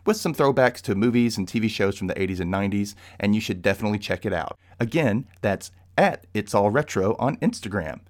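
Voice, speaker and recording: Upbeat man hosting a podcast. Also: fairly low pitch. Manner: upbeat, laughs often, chatty. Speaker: podcast host. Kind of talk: casual podcast chat.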